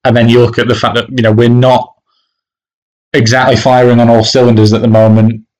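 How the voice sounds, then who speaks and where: A man's voice: medium pitch, level tone, brisk, a little mellow, low-quality recording. A man co-hosting a casual football podcast, talking with frequent restarts and fillers. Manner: hesitant, many restarts and fillers. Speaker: podcast co-host, football fan.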